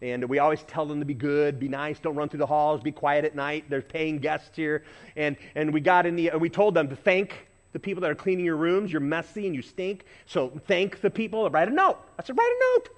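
A man with a fairly high voice preaching a sermon. He speaks conversationally, punching some phrases loudly and dropping others to a quiet, intense hush. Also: steady tone, a little fast. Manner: conversational, moving between loud emphasis and quiet intensity. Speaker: pastor. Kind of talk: sermon with storytelling.

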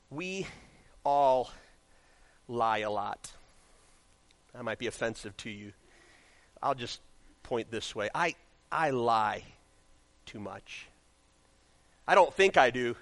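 A man preaching a sermon in a church. He reads scripture loudly and then drops into quiet, joking asides as he tells stories. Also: mid-range voice, slow, long pauses. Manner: animated storytelling, swings from loud scripture reading to quiet asides. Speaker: pastor. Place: church sanctuary.

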